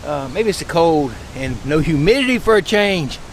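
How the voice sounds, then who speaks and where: A man, a beekeeper telling a rambling, folksy story outdoors in his bee yard, his voice a little squeaky from the dry air. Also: animated, moderate pace, slight background noise. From Louisiana, USA. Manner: chatty, folksy, rambling with restarts. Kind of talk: casual vlog storytelling.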